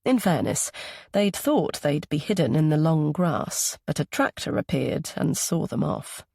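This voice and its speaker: A man narrating an audiobook thriller in a steady, even storytelling voice. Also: a little high, a little slow, creaky, no room sound, clean studio sound. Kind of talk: scripted narration.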